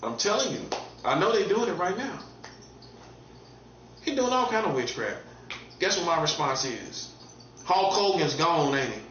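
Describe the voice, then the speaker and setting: A man delivering a taunting monologue as a self-styled preacher, repeating phrases and swinging from mocking highs to low, earnest tones. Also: big pitch swings, moderate pace, pauses often, fairly bright tone, a little hiss or hum. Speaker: street preacher. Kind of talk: provocative monologue. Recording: roomy dull lo-fi recording with faint ambience.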